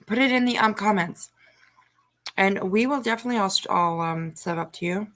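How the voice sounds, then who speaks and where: A woman's voice: a little high, a little fast, bright, forceful tone. A woman hosting a casual live stream, chatting and teasing as she reads out viewer comments.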